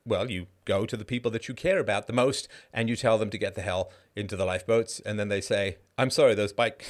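Hosting a livestream, this Canadian man talks casually in a lowish voice, fairly quick and with hardly any pauses. He tells his stories with energy, performing the voices of the people in them.

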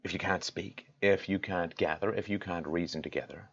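Deep-voiced impassioned man, lo-fi. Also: moderate pace, slightly rough. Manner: impassioned, rhetorical, swings from loud to quiet. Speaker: show host. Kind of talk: direct-to-camera address.

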